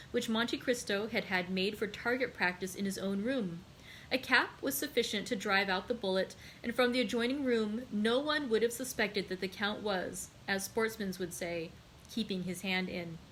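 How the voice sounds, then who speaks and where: A woman hosting a library read-aloud, narrating a classic novel in a steady, unhurried way. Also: mid-range voice, a little hiss or hum, rough recording.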